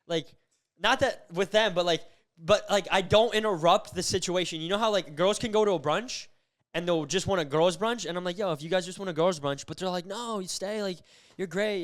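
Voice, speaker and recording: A young man co-hosting a podcast, telling rambling stories in a loose, animated way with lots of fillers. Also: on the high side, clean tone. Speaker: podcast co-host. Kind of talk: casual chat.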